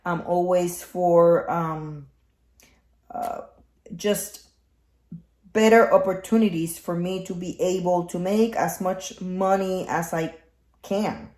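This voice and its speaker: A woman in her forties hosting a casual morning talk show, speaking softly with many fillers. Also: lowish voice, steady tone, roomy sound. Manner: slow, soft-spoken, many fillers. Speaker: show host.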